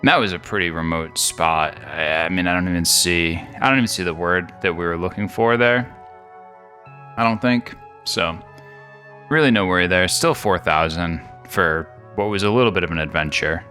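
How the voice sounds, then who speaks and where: Brief: deep, bright-toned male host, rambling jokey game commentary, faint music underneath. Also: normal speed. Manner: rambling, jokey, thinks out loud. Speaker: gaming video host.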